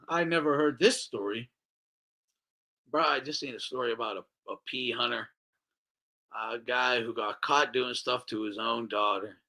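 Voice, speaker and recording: A man co-hosting a casual podcast, ranting in an animated way, swearing a lot and acting out what others said. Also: medium pitch. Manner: animated, swears a lot, acts out quoted voices. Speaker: podcast co-host.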